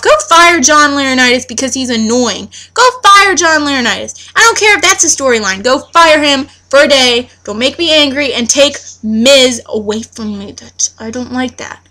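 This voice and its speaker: A young woman recapping a wrestling show in a chatty, excitable vlog rant. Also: high voice. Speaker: wrestling fan vlogger. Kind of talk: casual ranting recap.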